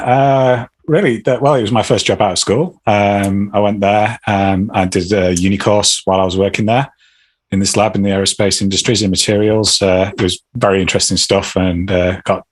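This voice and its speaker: A middle-aged man answering interview questions in a hesitant, rambling way with many restarts. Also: low voice. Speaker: podcast guest.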